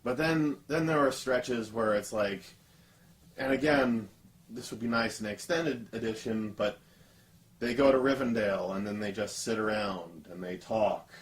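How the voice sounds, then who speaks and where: A man discussing a film in a casual chat, measured, listing scenes one by one. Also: fairly low pitch. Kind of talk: casual movie review chat.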